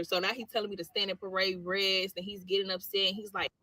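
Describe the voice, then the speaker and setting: A woman soldier telling a story in a vlog clip, animated and slangy as she retells a dialogue. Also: mid-range voice, rapid-fire, few pauses, no echo.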